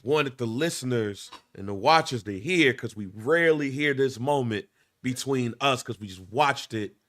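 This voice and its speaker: A male podcast co-host who makes his points firmly and with emphasis. His voice is bright and forceful, at an ordinary middle pitch. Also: normal speed. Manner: emphatic, declarative. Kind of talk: casual chat.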